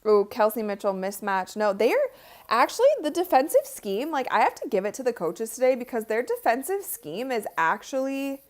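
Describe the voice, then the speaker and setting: A woman hosting a live game watch party, chatting with viewers and reacting out loud to each play. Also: fairly high pitch, very animated, moderate pace. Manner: talks to chat viewers. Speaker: livestream host.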